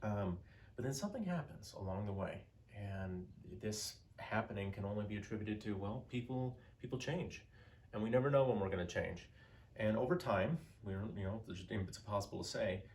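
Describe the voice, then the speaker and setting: A man's voice: fairly low pitch, moderate pace, a little mellow. A man giving a casual history lecture, telling the story conversationally with many fillers and acting out quoted lines. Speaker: teacher.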